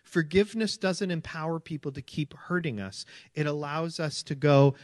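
A man's voice: on the high side, normal speed, hardly any pauses, dry recording, clean studio sound. A man preaching a sermon in an earnest, conversational way, often repeating his phrases. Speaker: pastor.

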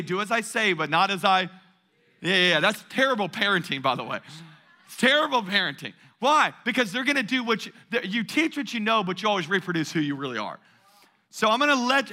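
A man in his thirties preaching a sermon as pastor, emphatic and energetic, driving his points home with repetition. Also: high voice.

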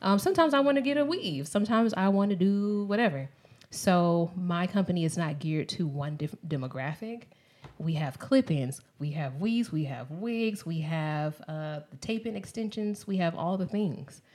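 Young woman, podcast guest, fairly low voice, emphatic, upbeat. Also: lively intonation, normal speed, darkish tone. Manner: upbeat, emphatic self-promotion. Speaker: guest, music and hair brand owner. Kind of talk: casual interview chat.

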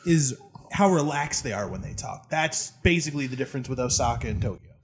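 A man's voice: medium pitch, lively intonation, fairly quick. A man co-hosting a casual chat, hesitating and searching for words. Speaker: podcast co-host. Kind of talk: casual chat about anime.

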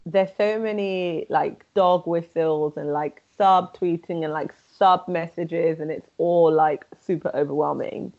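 A woman's voice: low-pitched, steady tone, a little slow, hardly any pauses, a little mellow, lo-fi sound. A young woman co-hosting a podcast in casual chat, full of "like" fillers. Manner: casual, many "like" fillers, laughs often. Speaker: podcast co-host.

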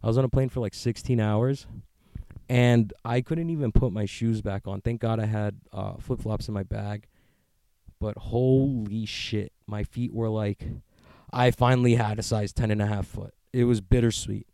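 A man's voice: on the low side, steady tone, moderate pace, dark tone, smooth, dry recording. A man hosting a podcast from the street, rambling and joking in a profane, casual way, often working himself up into a rant. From United States. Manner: rambling, profane, joking, gets worked up into ranting. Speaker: podcast host. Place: outdoors on a street.

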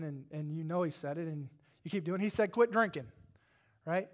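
A man in his forties, a pastor, preaching a sermon with dynamic swings from hushed to loud and fervent. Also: fairly high pitch, moderate pace.

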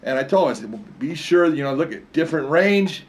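A man in casual conversation, retelling fight stories with animated energy. His voice sits a little high for a man, and he laughs readily between anecdotes. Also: fast. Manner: animated storyteller, laughs often. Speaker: co-host, fight commentator. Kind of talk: casual chat.

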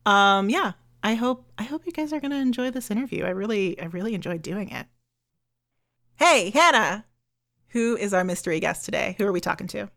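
A woman's voice: medium pitch, expressive, a little fast, a bit bright. A woman co-hosting a podcast, chatting casually with lots of ums and giggles. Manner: chatty, filler-heavy, giggly. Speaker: podcast co-host. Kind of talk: casual chat.

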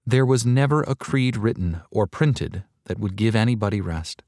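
An earnest male preacher delivers a sermon in a lowish voice, measured and deliberate, slowing down to hammer home repeated phrases. The sound is dry and close, with little room echo. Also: expressive, darkish tone. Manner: earnest, measured preaching with slow emphatic repetitions. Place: large hall before a crowd.

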